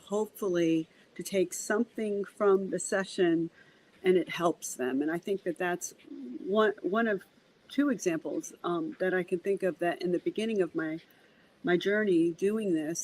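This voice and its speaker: A woman medium, a guest on a podcast, telling a story in a casual, animated way, acting out the dialogue and often restarting her sentences. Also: fairly low pitch, rough recording.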